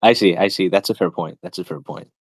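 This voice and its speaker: Speaking fast in a low voice, a man running a stream talks casually about philosophy and academia. He tends to ramble, digress and lecture, filling gaps with lots of fillers, and no room sound comes through.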